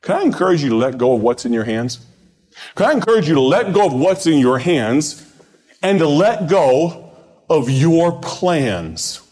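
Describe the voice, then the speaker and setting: A man preaching a live sermon with passion, using rhetorical questions and swinging between loud appeals and hushed moments. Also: a little high, sing-song, moderate pace. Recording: preaching in a reverberant hall.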